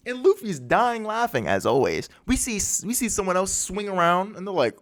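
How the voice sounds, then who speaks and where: A man casually recapping a manga chapter with excited slang and his own sound effects. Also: high voice, moderate pace, few pauses. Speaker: manga breakdown host.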